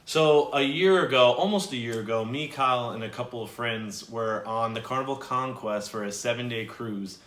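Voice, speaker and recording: A man's voice: medium pitch, moderate pace, few pauses, a bit bright, echoey room. A young man co-hosting a vlog, telling a story in a chatty, easygoing way with some stumbles. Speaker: vlog co-host. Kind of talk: casual storytelling to camera.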